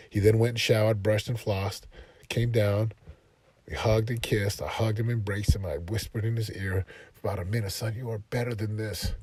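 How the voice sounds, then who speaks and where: A man's voice: mid-range voice, warm tone, breathy edge, no room sound. A man giving a motivational monologue as a podcast host, speaking emphatically and repeating his points like a preacher. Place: outside his home, heading in.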